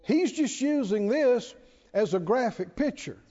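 A man's voice: very high-pitched, expressive, measured pace, mellow. A man preaching a sermon to a congregation, emphatic and repetitive, often asking the listeners questions. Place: church. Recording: dull, lo-fi church hall reverb.

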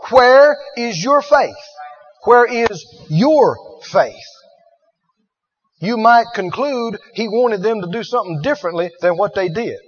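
A man's voice: high voice, moderate pace, few pauses, highs cut off. A man preaching a sermon who questions the congregation and repeats lines for emphasis.

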